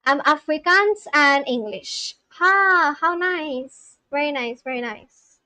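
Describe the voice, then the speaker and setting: A woman's voice: sits high, expressive, slow, sharp tone, dry recording, low-quality recording. A woman live-streaming in casual chat, reading viewer comments aloud and asking them questions. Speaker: live-streamer learning a language.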